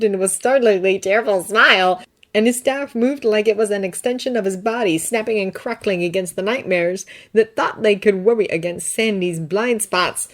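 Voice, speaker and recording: A woman reading fan fiction aloud in steady, even audiobook narration. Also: mid-range voice. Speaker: fanfiction narrator.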